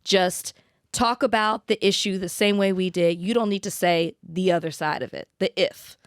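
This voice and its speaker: A woman's voice: fairly low pitch, steady tone, normal speed, no room sound, studio quality. A woman co-hosting a podcast in casual chat, often agreeing with short replies. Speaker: podcast co-host. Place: podcast studio.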